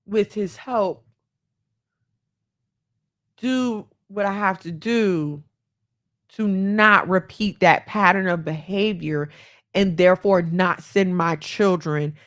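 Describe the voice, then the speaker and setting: A woman's voice: lowish voice, a bit bright. A woman in her thirties hosting a podcast, talking candidly and with emotion to her listeners about family and self-love. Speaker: podcast host. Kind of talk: personal talk to listeners.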